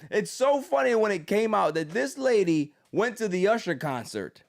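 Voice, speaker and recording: A male podcast host rants in casual commentary, loud and mocking, and slips into quick impressions. His voice sits fairly high for a man and swings widely in pitch as he talks. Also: sing-song, creaky.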